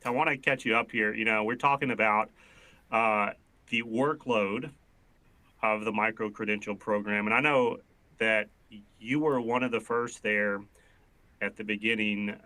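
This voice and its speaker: A man hosts a live online panel in a low, bright voice. The sound is dry and close. He talks in an easy, chatty way. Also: measured pace, no echo, poor audio. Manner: relaxed and chatty, says "brother". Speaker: panel host.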